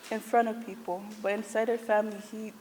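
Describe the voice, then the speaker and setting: A woman speaks briskly at a church funeral service, paying tribute to her grandfather with humorous stories while trying not to cry. Her medium-pitched voice is a little mellow with little pitch movement, and the recording has hall echo and faint noise.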